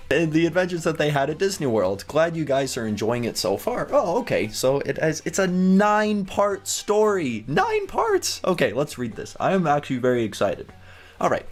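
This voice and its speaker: A man casually reading fan stories aloud, chatty and giggly, with playful asides. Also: a little high. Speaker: YouTuber.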